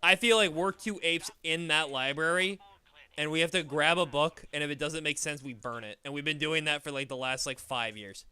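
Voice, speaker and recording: Young male streamer, bright and crisp, dry close mic, rambling, profane and animated. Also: a little high, moderate pace, no echo. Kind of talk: casual gaming chat.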